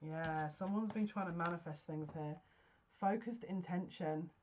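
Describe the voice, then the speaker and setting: A woman giving a casual tarot card reading, excitable and often gasping and breathless. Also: on the low side, unhurried, highs cut off, a little hiss or hum.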